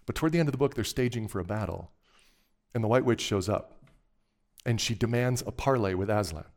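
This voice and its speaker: A male preacher delivers a sermon. He retells a familiar story in a relaxed, conversational way, stopping now and then to ask his listeners whether they remember it. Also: lowish voice, brisk.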